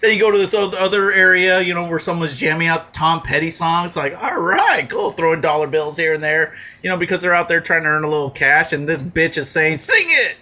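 A man casually telling a profane story on a talk show, acting out shouting crowds along the way. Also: a little high, flat delivery, a little fast, hardly any pauses. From moved to Arizona as an adult. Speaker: podcast co-host telling a story.

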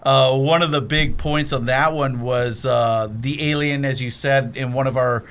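A man co-hosting a casual podcast chat about old comedy films, retelling scenes in an animated way. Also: medium pitch, measured pace, smooth. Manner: animated storyteller, acts out scenes. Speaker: podcast co-host.

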